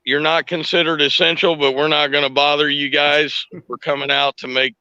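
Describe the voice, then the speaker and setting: Male guest with a crisp, forceful voice, blunt, on dry muffled call audio. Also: fairly high pitch, level tone, normal speed, dry recording. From Ohio. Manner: blunt, matter-of-fact. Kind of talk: casual chat. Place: out on a work job.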